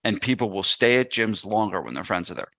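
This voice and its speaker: A man's voice: on the low side, fairly quick, no room sound, studio quality. A man guesting on a podcast, telling a casual story and acting out what people said. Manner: animated anecdote teller, acts out quotes. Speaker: podcast guest, gym business owner.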